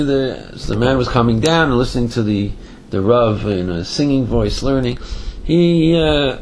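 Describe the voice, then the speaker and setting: Gravelly, animated man telling a Torah story. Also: mid-range voice, slight background noise. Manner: animated storyteller with Yiddish and Hebrew terms, frequent fillers. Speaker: Torah teacher.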